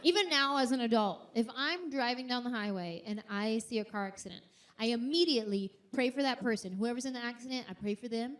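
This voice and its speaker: A woman performing a stand-up comedy routine on stage, animated and acting out quotes in high voices. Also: a little fast. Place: theater stage before a live audience.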